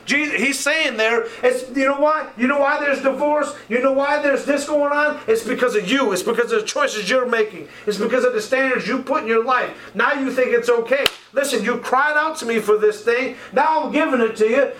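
A man's voice: extremely high pitch, normal speed, hardly any pauses, fairly bright tone, far from the mic, rough recording. A man preaching a sermon, fervent and full of rhetorical questions, reading scripture aloud.

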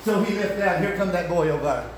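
An older man preaching a sermon, swinging from shouting to hushed storytelling. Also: high-pitched, fast talker, background noise. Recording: echoey room, distant mic.

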